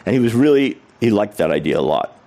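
Middle-aged male speaker, humorous storyteller, very animated pitch, acts out quoted voices. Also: fast. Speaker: author and speaker. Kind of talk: storytelling talk to an audience.

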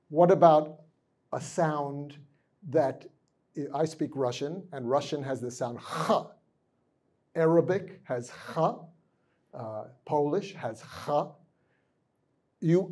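A man's voice: on the high side, warm tone, husky. A man from the United States giving a university lecture in a large conference room, putting questions to the audience and mixing Japanese phrases into his English. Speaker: guest lecturer.

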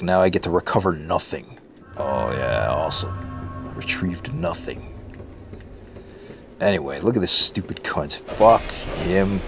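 Deep-voiced, cursing young gamer with a cracking voice. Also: male voice. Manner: profane, exasperated, sarcastic. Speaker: let's play gamer. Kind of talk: gameplay commentary. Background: game music.

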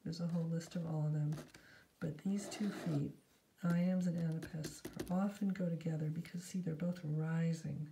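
A middle-aged woman teaching poetic meter in a relaxed, casual lesson, talking through her markings and now and then dropping to a whisper. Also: low voice, moderate pace, creaky, slight background noise, low-quality recording. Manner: relaxed, talks aloud while marking a poem, sometimes drops to a whisper. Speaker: poetry teacher.

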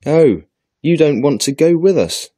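A man's voice: a little high, sing-song, a little slow, dark tone, husky, no echo, clean studio sound, pitched above the performer's own voice, exaggerated voice. A man voicing an angry boy who scorns a crying girl in a storybook lesson.

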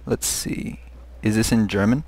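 A young man giving live commentary on a horror game, muttering to himself and breaking into high, panicked shrieks. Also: measured pace, a little mellow, no room sound. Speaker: gaming video host.

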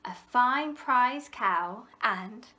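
A woman reading a rhyming picture book aloud for children, with a rhythmic, expressive delivery and playful animal noises. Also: on the high side, extremely slow. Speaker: library storyteller.

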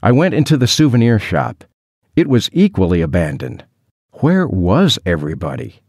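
A man's voice: on the low side, big pitch swings, normal speed, a little mellow, no echo. A man narrating an adventure story in the first person, with a dry, wry storytelling manner. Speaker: audiobook narrator.

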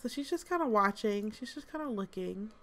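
A woman's voice: medium pitch, animated, brisk, fairly bright tone. A woman host giving casual, amused gameplay commentary, chatty with lots of fillers. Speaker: gaming channel host.

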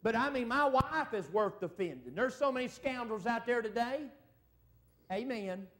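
A man's voice: very high-pitched, lively intonation, normal speed, a bit bright. A middle-aged man preaching a folksy revival sermon in a church, calling out for amens from the congregation. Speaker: evangelist. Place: church service.

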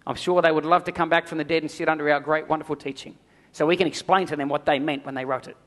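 Middle-aged male pastor, slightly high voice, emphatic sermon delivery with repetition. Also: fairly even intonation, fast, fairly bright tone. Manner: emphatic preaching with repeated phrases and prayerful asides.

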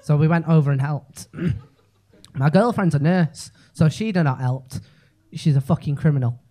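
A man with a Liverpool accent performing a stand-up set in a comedy club, telling a story fast, full of "right?" and swearing. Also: on the high side, dark tone.

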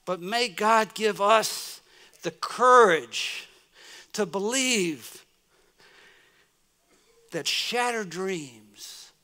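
A middle-aged American man giving a sermon as guest preacher, telling a story and swinging from soft murmurs to loud exclamations. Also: high voice, drawn-out words, pauses often, smooth. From United States. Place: church.

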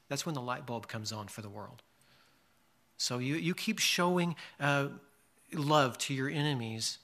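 Bright-voiced male pastor preaching. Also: on the high side. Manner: earnest preaching, rising emphasis and slow drawn-out scripture quotes. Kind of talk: sermon.

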